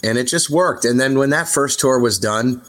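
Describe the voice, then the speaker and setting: A rock singer being interviewed, telling rambling road stories in a relaxed, candid way, full of fillers and restarts. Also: male voice, medium pitch, normal speed. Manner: relaxed, candid, mildly profane. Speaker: rock singer, podcast guest. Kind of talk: casual interview storytelling.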